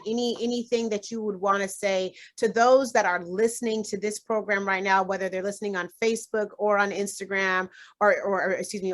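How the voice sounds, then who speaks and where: A woman's voice: medium pitch, fairly bright tone. A woman hosting an interview show, upbeat and chatty as she asks questions and promotes the show. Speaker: host.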